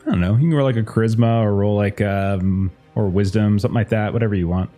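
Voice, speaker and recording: Low-voiced man running a tabletop game. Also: fairly even intonation, fast talker, dark tone, soft background music. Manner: rambling, with many fillers. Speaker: game master.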